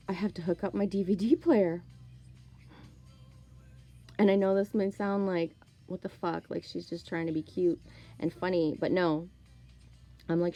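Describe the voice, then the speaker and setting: A woman in her forties talks in a loose, rambling way, swearing freely and speaking candidly. Her voice sits on the low side and sounds mellow. Faint music plays behind her. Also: rough recording. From Canada. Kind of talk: casual monologue.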